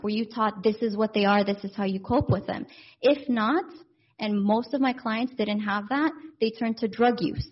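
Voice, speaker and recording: Husky-voiced woman counselor. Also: on the high side, highs cut off. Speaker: counselor leading a group session. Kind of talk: group discussion.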